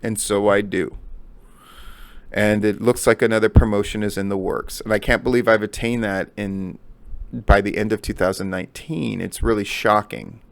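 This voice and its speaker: A man's voice: fairly low pitch, fairly even intonation, moderate pace, creaky. A middle-aged man giving a blunt, profane solo commentary on wrestling news, repeating his points for emphasis. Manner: blunt and profane, heavy swearing.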